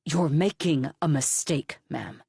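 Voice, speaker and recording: A woman's voice: on the low side, lively intonation, measured pace, darkish tone, breathy edge, dry recording, clean studio sound. A woman voicing a brusque male police captain in an audiobook, curt and commanding. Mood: stern.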